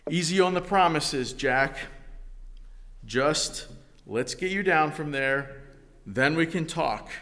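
Man voicing a calm divine voice. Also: a little high, slow pace, in a large hall. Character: calm, patient male divine voice from above.

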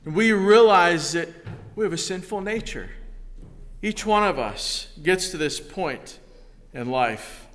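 A man preaching a sermon, telling a story slowly and deliberately before reading scripture. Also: high-pitched, animated, fairly bright tone, in a large hall, slight background noise. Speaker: pastor.

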